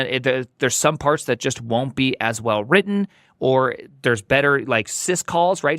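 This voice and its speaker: A man's voice: medium pitch, fairly bright tone, no room sound, studio quality. A man speaking as a guest in a casual podcast conversation, emphatic and opinionated, driving points home by repeating them. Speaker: podcast guest, software engineer.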